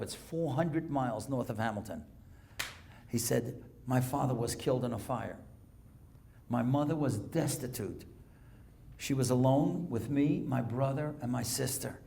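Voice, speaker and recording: A man, a rabbi telling a story to a congregation, dropping to a hushed voice at moving moments and rising for emphasis. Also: medium pitch, gravelly, slight background noise. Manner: dramatic storyteller, drops to a hushed voice for emotional moments, rises for emphasis. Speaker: rabbi and speaker. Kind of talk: storytelling lecture. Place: synagogue lecture hall.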